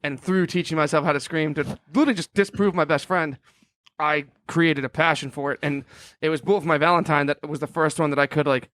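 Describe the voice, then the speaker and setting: A man's voice: a little high, steady tone, fast, fairly bright tone, no room sound, studio quality. A man speaking as a podcast guest, telling a story in a loose, chatty way. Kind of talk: casual chat.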